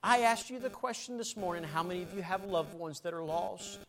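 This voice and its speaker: Man, fervent preacher, altar call, loud to hushed, piano behind. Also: sits high, brisk, poor audio. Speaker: pastor.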